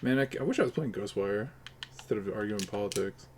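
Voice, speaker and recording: A man's voice: lowish voice, lively intonation, a little fast, noisy background. A man live-streaming while gaming, chattering in a rambling, crude, joking way to his viewers.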